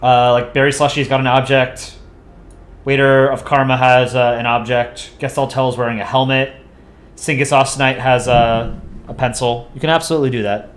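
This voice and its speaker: Drawing on a live stream, a young man talks casually with viewers and responds to their chat, staying relaxed and chatty. He speaks at a normal speed in a mid-range voice.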